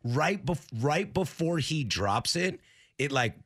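A man in his thirties hosting a casual sports talk show, telling animated stories and slipping into quick impressions. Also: a little high, husky. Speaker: sports radio host.

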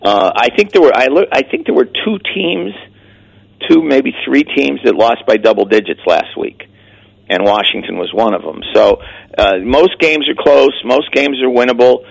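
A man's voice: mid-range voice, lively intonation, normal speed, gravelly, slightly rough, poor audio. A man talking as a weekly guest on sports radio, in casual chat that stops and restarts often on repeated words.

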